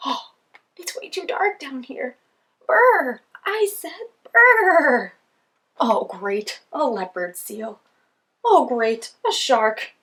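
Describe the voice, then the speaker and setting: A woman's voice: a little high, big pitch swings, slow, heavily acted. A woman voicing a grumpy little penguin who complains about everything while reading a children's book aloud. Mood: grumbling. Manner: whiny, fed-up grumbling.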